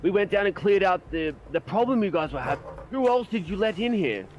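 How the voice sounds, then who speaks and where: A man's voice: sits high, lively intonation, fairly quick, darkish tone, dull audio, a little hiss or hum. A man playing a tabletop game, arguing heatedly and swearing. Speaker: player. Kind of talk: tabletop role-play.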